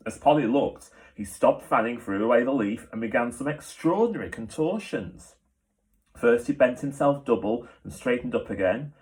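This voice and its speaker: A man, a teacher, reading a children's book aloud with steady, clear storytelling. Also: on the low side.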